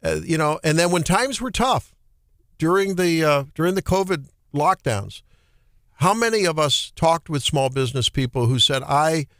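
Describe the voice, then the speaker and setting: Indignant Midwestern talk radio host. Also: male voice, fairly high pitch, moderate pace, dry recording, studio quality. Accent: Midwestern American. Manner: animated, indignant, repeats and restarts. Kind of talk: opinionated political talk radio.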